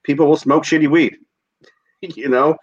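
A man co-hosting a casual podcast, talking in a heated, animated way with frequent swearing. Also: on the high side, normal speed, breathy edge, lo-fi sound. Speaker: podcast co-host.

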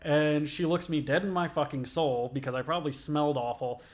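A man's voice: fairly high pitch, steady tone, a little fast. A young man, a body piercer, telling stories casually in an interview, swearing a lot and filling with "like". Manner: profane, rambling, many "like" fillers.

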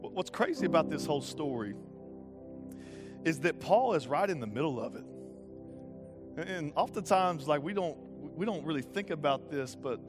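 A young man preaching a sermon as pastor, impassioned and urgent, moving between loud calls and quiet intensity, with casual slang mixed into his preaching. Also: on the high side, animated, moderate pace, pauses often, music in the background.

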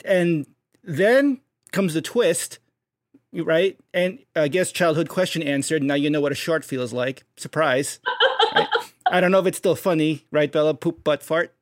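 A man's voice: fairly high pitch, measured pace, no room sound, clean studio sound. A man co-hosting a podcast, hyping up a story with energy and acting out voices as he tells it. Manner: hypes stories up, acts out bits in jumpy voices. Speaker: podcast co-host. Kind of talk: animated comic storytelling.

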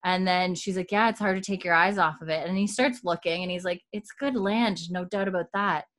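Chatty and giggly, this podcast co-host retells scenes and quotes the characters' lines in a casual recap. She has a lowish, slightly bright voice and talks fairly quickly.

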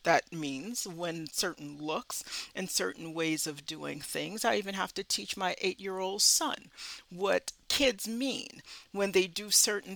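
A woman's voice: medium pitch, creaky, fairly bright tone, no echo, rough recording. A woman from the South, a social work educator speaking earnestly and emphatically as an interview guest. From Southern United States. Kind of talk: conversational interview.

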